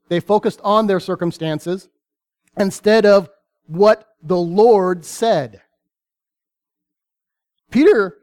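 High-voiced earnest male preacher. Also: darkish tone. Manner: earnest, dramatic pauses, reads scripture aloud. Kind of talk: sermon.

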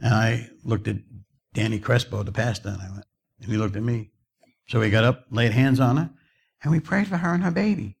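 A man's voice: medium pitch, vocal fry, husky. A middle-aged man preaching a sermon, telling stories and rising to fervent emphasis. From New Jersey.

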